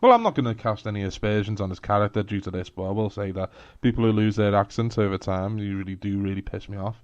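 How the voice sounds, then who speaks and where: A man's voice: lowish voice, fast talker, dull audio. A man with a Scouse accent co-hosting a podcast in casual chat, blunt and laughing, with sweary asides. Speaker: podcast co-host.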